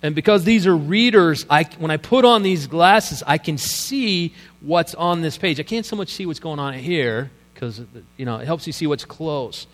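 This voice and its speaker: Pastor preaching in a reverberant hall. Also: male voice, a little high, normal speed, hardly any pauses. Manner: conversational storytelling, laughs at his own stories. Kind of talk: sermon. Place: church sanctuary. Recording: live hall with long reverb and mains hum.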